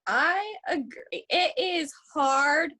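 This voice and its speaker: High bright-voiced woman on a video call, rambling, restarts a lot, emotional. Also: expressive, drawn-out words. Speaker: client giving a testimonial. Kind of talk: casual interview chat.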